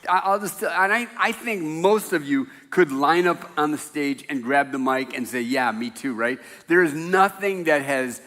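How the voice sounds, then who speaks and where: A man's voice: fairly high pitch, unhurried, few pauses, fairly bright tone. An older man, a pastor, giving a casual, rambling sermon full of stories and laughter, recorded in a church. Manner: rambling, self-interrupting storyteller who laughs at his own stories. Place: church sanctuary. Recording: church hall reverb.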